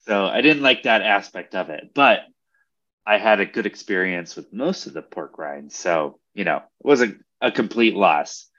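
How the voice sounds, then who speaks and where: A man's voice: on the low side, expressive, moderate pace, sharp tone, lo-fi sound. A man in casual chat, speaking in an easygoing way as he reviews snacks. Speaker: podcast co-host.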